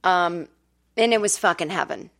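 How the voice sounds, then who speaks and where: A woman's voice: normal speed, a bit bright. Chatty woman host telling a story. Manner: candid, chatty, swears freely, acts out quotes in a high whiny voice. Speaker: podcast host. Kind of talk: casual storytelling monologue. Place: temporary home in Brooklyn.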